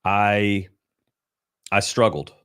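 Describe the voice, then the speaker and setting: A man's voice: fairly low pitch, extremely slow, fairly bright tone, smooth, dry recording, clean studio sound. A middle-aged man hosting a casual devotional livestream, talking in an earnest, emotional way with many restarts and fillers. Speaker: livestream host. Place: home livestream. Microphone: computer livestream mic.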